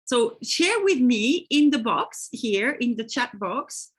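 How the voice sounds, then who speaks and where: A woman's voice: on the high side, sing-song, slow, breathy edge. A woman from France with a French accent, hosting a live online webinar over a video call and greeting attendees by name. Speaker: webinar host.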